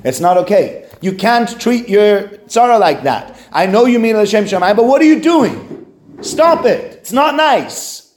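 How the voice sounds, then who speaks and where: A man doing a gently chiding husband. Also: high-pitched, lively intonation, unhurried. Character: husband gently scolding, reassuring. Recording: roomy echo.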